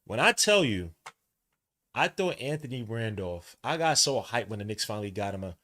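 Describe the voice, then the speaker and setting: A man hosting a live watch-along podcast, giving casual play-by-play in a relaxed, slangy way and jumping from hushed commentary to loud excited outbursts. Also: lowish voice, normal speed. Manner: casual slang, talks to the listener like a friend. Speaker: podcast host calling a game.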